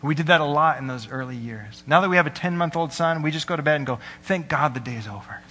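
A young male pastor preaches in a big, echoing hall, his voice slightly high and ringing bright. He tells stories earnestly and slips into the voices of the people in them. Underneath it all he sounds tired. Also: fast, slight background noise. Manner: earnest storytelling with quoted voices. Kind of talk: sermon. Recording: long hall reverb.

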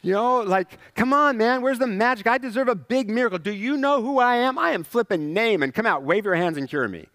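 A man's voice: very high voice, fairly quick, few pauses, fairly bright tone, no room sound, clean studio sound, voice pushed up. A man voicing a proud, indignant army commander who blusters with self-importance.

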